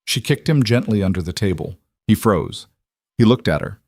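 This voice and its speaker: A man narrates a romance story in a measured, steady voice. His tone sits low and close to the mic. There is no room sound at all, just dry studio narration. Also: no room sound. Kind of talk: scripted romance audiobook narration.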